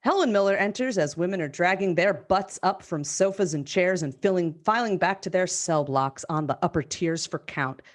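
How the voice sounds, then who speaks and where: A woman hosting a live script reading over a video call, reading the stage directions in a brisk, amused way. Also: on the low side, expressive.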